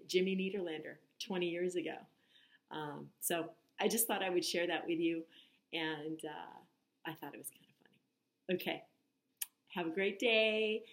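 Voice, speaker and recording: A woman in her forties, a meditation teacher, talking casually to her viewers, chatty and laughing, with soft whispery asides. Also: lowish voice. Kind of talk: casual vlog monologue.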